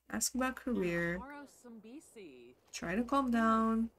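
A woman's voice: mid-range voice, lively intonation, slow pace, long pauses. A woman streamer giving casual live commentary on a life-simulation game, bursting into laughter and scolding her game characters.

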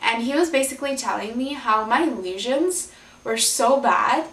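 A woman's voice: on the high side, moderate pace, a bit bright, recorded from a distance. A young woman, a vlogger, talking candidly and rambling to her viewers, her face partly numb. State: left side of face numb, drooling. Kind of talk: personal vlog. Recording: echoey room, voice from off the mic.

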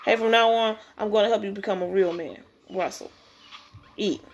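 A woman voicing a domineering male high school bully who barks harsh, contemptuous orders. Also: steady tone, normal speed, lightly acted. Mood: harsh bossy.

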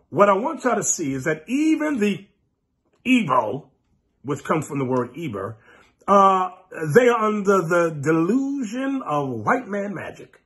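Fiery preacher, high voice that leaps around, mocking and scolding, breaks into shouts. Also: male voice. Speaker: preacher and teacher. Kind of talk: sermon.

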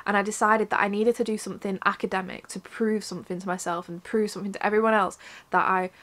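A woman's voice: medium pitch, little pitch movement, fast talker, a bit bright. A young woman talking candidly to her camera at home, frank and rambling, swearing often, close to tears. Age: young adult. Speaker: vlogger. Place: indoors at her mother's home.

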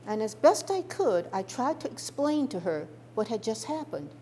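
An older woman tells a story from her own life, her voice rising and falling freely as she recounts it. She stumbles gently over a word here and there. Faint room noise hums behind her. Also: a little high, normal speed. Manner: expressive, warm-toned recounting with small stammers. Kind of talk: personal storytelling.

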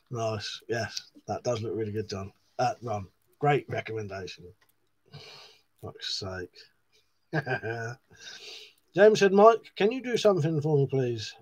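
A man's voice: mid-range voice, very animated, slow pace, pauses often. A man hosting a live stream, reading viewers' comments aloud in a casual, chatty way, swearing often and laughing at himself.

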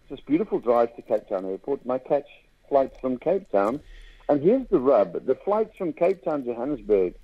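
A South African man, a comedian guest, chatting in a lively storytelling way in a radio studio. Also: medium pitch, slightly rough, no room sound. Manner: lively storyteller with quick bursts of mimicry. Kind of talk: casual interview chat. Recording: dull radio studio sound.

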